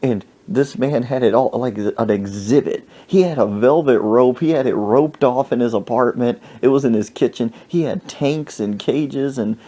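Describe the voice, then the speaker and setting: A young man hosting a podcast, telling a rambling comic story with animated exaggeration. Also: medium pitch, normal speed, hardly any pauses. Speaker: podcast host.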